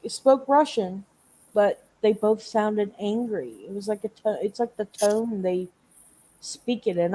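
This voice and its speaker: A woman's voice: fairly high pitch, mellow. A woman hosting a live panel chat, talking casually and rambling, often restarting her sentences. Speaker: host.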